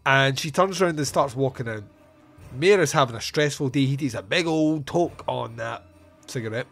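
A man's voice: mid-range voice, moderate pace, vocal fry, a bit bright. A man hosting a podcast on his own, recapping a film scene by scene in a wry, joking way with asides and fillers. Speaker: podcast host reviewing a film.

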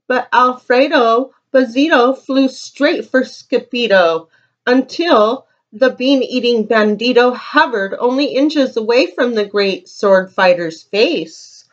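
A woman preschool teacher reads a picture book aloud, slowly and expressively. Her voice is on the higher side. The recording sounds dull and lo-fi. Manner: slow, expressive storytelling.

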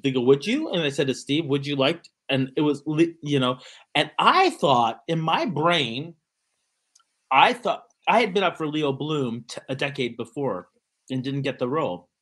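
A man's voice: on the high side, normal speed. A middle-aged man telling a story in a casual interview, acting out the dialogue he quotes. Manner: animated storyteller who acts out quoted dialogue. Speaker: guest actor and choreographer.

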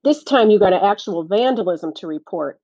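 A woman reading an audiobook, voicing an irritable male construction foreman who grumbles indignantly in rough grammar. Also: medium pitch, expressive, a little fast, warm tone, dry recording, dull audio. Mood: grumbling. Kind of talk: audiobook character voice.

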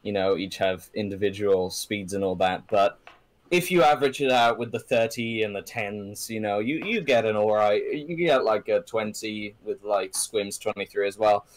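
A man narrating as game master of a tabletop game, halting and full of ums and restarts. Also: on the low side, dry recording.

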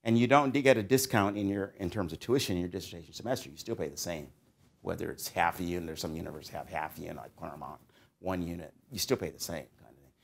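A man's voice: deep voice, fast, vocal fry, breathy edge. A middle-aged man, a psychology professor, giving a recorded lecture to doctoral students in a conversational, musing way, with swings of emphasis.

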